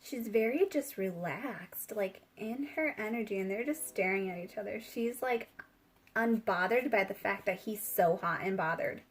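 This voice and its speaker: A woman's voice: medium pitch, normal speed, husky. A young woman giving a casual, rambling spiritual tarot reading, chatty with lots of fillers and giggles. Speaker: tarot reader.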